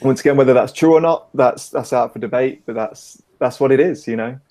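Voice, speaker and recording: A man's voice: medium pitch, brisk, warm tone. A middle-aged man from Britain, a guest on a casual call-in interview, chatty and jokey with easy laughs. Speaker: interview guest, business owner.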